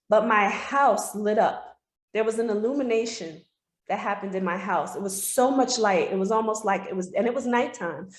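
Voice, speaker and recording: A woman speaks in an earnest, heartfelt way, sharing a personal story as an interview guest. Her voice sits at an ordinary middle pitch. The room around her is echoey and reverberant. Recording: roomy echo.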